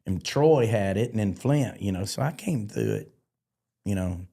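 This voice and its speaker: Low-voiced man telling rodeo stories. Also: moderate pace, vocal fry, slightly rough. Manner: animated storyteller, acting out quoted voices. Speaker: podcast guest, former rodeo barrelman. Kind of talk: casual storytelling interview.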